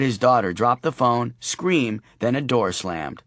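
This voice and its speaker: A man's voice: mid-range voice, expressive, measured pace, hardly any pauses, a bit bright, no room sound, studio quality. A man reading a darkly comic novel as an audiobook narrator, with wry storytelling. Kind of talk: scripted narration.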